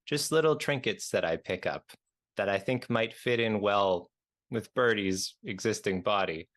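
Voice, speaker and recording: A man's voice: on the low side, a little slow, fairly bright tone. A man from Canada playing a tabletop role-playing game on a livestream, joking playfully as he describes his character. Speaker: player.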